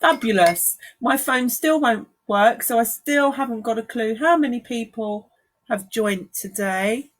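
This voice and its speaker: A woman's voice: on the high side, a little slow, a little hiss or hum. A woman with a London accent giving a live watercolour painting lesson, chatting and greeting viewers as she works. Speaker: watercolour art teacher. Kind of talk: live-streamed painting demonstration. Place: art studio.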